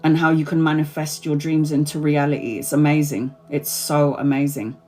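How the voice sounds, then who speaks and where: A woman's voice: low-pitched, little pitch movement, normal speed, mellow, faint music behind. A woman in her forties, a tarot reader chatting casually to subscribers on a livestream, rambling, repeating herself and laughing often. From Brazil. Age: 40s.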